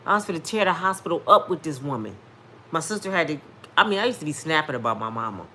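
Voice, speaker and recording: A woman's voice: sits low, sing-song, quick pace, sharp tone, a little hiss or hum. Emphatic woman in her fifties telling a testimony. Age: 50s. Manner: emphatic, preacher-like, addresses viewers directly. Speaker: vlogger sharing testimony. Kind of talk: casual storytelling testimony.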